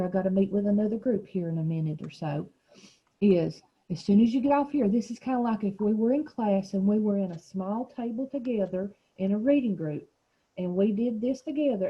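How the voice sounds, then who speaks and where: A woman teacher guides a small reading group over a video call, pausing to explain words patiently and asking question after question. Her voice is slightly husky, and it comes through dull, lo-fi call audio. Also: medium pitch.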